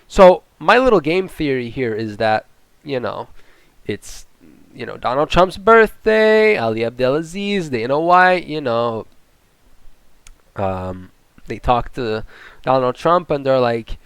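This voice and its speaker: A young man giving profane, rambling and excitable commentary on a fight. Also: mid-range voice, slow, clear, resonant tone, dry recording. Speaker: MMA commentator. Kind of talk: ranting casual commentary.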